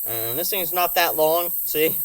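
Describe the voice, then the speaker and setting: A woman filming a vlog outdoors by a house deck on a handheld phone, excitable and swearing, talking to a snake and her cats. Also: low-pitched, unhurried, clear, resonant tone. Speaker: vlogger.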